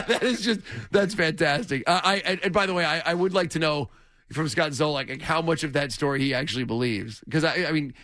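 A man hosting a sports talk radio show, chatty and quick to laugh as he takes calls. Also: on the high side, bright, forceful tone. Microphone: studio mic.

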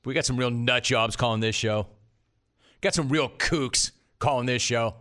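A man's voice: medium pitch, normal speed, pushed and bright. A man hosting sports talk radio, wisecracking and bantering about callers and guests.

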